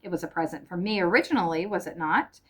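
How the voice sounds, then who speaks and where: A cold, mocking husband, deliberate and quietly cutting, as a woman reads him aloud in a storybook reading. His lines stay fairly low and measured. Each jab lands slowly and precisely. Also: expressive. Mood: cold sarcastic. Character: cold sarcastic middle-aged husband.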